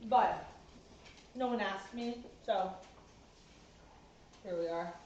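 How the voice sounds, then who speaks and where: A woman's voice: mid-range voice, takes it slowly, darkish tone, distant mic, slight background noise. A woman dog breeder chatting casually in a vlog, full of fillers, playfully scolding and cooing at her puppies in an indoor puppy room. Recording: echoey room, voice from afar, dull sound.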